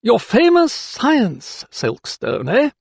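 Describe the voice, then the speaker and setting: A man voicing a sly older male magistrate who mocks with slow, relishing speech. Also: sits high, sing-song, creaky, no echo, voice pushed up, exaggerated voice. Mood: smug. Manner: drawn-out, relishing delivery. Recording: dry close studio sound.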